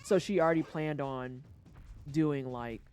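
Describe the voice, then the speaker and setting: A livestreamer chatting casually over a video game, joking and swearing, with sudden high-pitched outbursts. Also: measured pace, a little mellow, clear, resonant tone, faint music behind. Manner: chatty storytelling aside while playing. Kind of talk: casual gameplay commentary.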